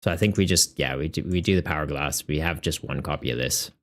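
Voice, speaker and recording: A man's voice: extremely low pitch, quick pace. A man chatting casually on a live stream as a tournament organizer, laughing often and joking with his viewers.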